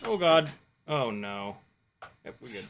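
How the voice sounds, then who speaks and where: A man chatting casually while flying a drone on a live stream, excitable, laughing and swearing, talking to his dog. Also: medium pitch, takes it slowly, slight background noise. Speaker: FPV drone pilot and streamer.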